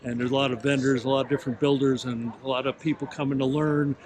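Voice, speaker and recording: A man's voice: mid-range voice, level tone, fast, a crowd in the background. A man talking in a folksy, rambling way during a casual outdoor interview.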